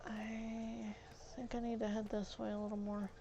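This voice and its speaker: A woman's voice: fairly high pitch, completely flat delivery, normal speed, muffled recording. A woman streaming a game, chatting casually and ranting in frustration while she plays. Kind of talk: casual gaming livestream chat.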